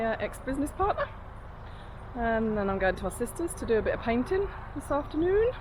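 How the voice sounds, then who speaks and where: A woman's voice: on the high side, noisy background. A middle-aged woman chatting casually in a vlog, laughing often and poking fun at herself. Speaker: vlogger. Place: outdoors by a canal, then indoors at a house.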